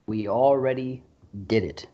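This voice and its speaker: A man's voice: mid-range voice, a little slow, mellow, muffled recording. A man hosting a horror podcast in casual, enthusiastic and rambling chat. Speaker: podcast host.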